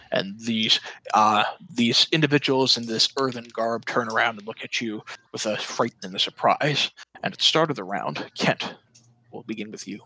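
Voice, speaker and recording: A man's voice: fairly low pitch, bright, forceful tone, low-quality recording. A man narrating a tabletop role-playing game as dungeon master, describing scenes and calling turns.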